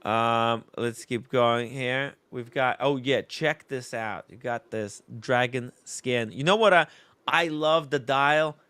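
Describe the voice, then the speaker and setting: A man's voice: medium pitch, slow pace, a bit bright, clear, resonant tone, no room sound. A man hosting a casual livestream chat about watches, easygoing, reading out viewer messages. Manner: laid-back, reads out viewer messages. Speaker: host.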